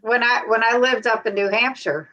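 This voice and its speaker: A woman's voice: on the high side, steady tone, moderate pace, highs cut off, crowd noise. Chatty woman hosting a livestream. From North Carolina. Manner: chatty, laughs easily. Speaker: livestream host. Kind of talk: casual chat.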